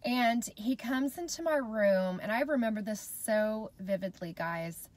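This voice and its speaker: A woman's voice: a little high, animated, unhurried, a little mellow. Chatty heartfelt woman vlogger. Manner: chatty and heartfelt, speaks straight to viewers. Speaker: mom vlogger. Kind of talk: casual storytelling to camera.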